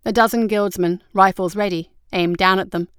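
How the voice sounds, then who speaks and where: A woman narrating an adventure story in a steady, even storytelling manner. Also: mid-range voice, moderate pace, smooth, no echo, studio quality. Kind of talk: audiobook narration.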